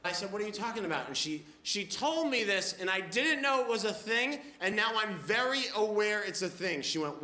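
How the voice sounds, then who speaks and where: Performing stand-up for a live club audience, a man in his twenties wryly tells stories and acts out people's quotes. His high voice is very animated, pushed, and bright, at a moderate pace with hardly any pauses. The club sounds echoey, with the audience laughing.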